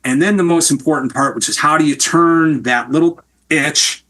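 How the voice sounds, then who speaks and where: A middle-aged man from Wisconsin, a TV producer answering interview questions with long, lively stories. His voice is bright and sits a little high. He talks candidly and swears freely. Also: moderate pace. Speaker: TV producer and guest.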